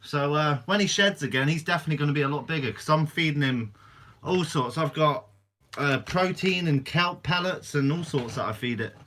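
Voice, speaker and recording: A young man hosts a casual live stream, reading out viewer questions and answering them in an easygoing, chatty way. His voice is bright and forward, sitting a little high for a man. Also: brisk, a little hiss or hum. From Guernsey, Channel Islands. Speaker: fishing channel host.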